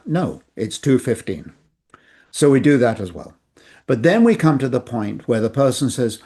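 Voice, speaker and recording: Man, gravelly voice, slightly husky, earnest measured host, coaching talk. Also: medium pitch, a little mellow. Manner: measured, earnest speaker who acts out quoted replies. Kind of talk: motivational talk on handling objections.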